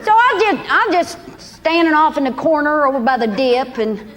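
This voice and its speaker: A high-voiced woman with a Southern accent works a live club crowd with a sassy, folksy stand-up drawl. Clear crowd laughter and room noise sit behind her handheld mic. She grew up in Kentucky. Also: sing-song, moderate pace, long reverb tail. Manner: folksy, sassy drawl with big shifts into mock quotes. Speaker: stand-up comedian. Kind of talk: stand-up comedy set. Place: comedy club stage with live audience.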